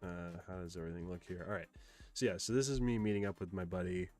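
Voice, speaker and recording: A man's voice: low voice, fairly even intonation, fast, a little mellow, faint music behind. A young man hosting a live stream, rambling and frustrated as he rants, with many fillers. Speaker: streamer host. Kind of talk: live stream commentary, ranting.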